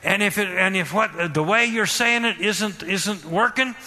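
A man preaching a sermon with fervent, repetitive exhortation that rises to loud emphasis. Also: sits high, measured pace. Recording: long hall reverb.

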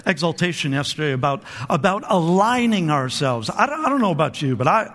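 Man, pastor, sermon, call-and-response, repeats himself, high voice, long hall reverb. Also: sing-song, fairly quick, fairly bright tone. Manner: call-and-response preaching, repeats phrases, stammering restarts. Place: church hall.

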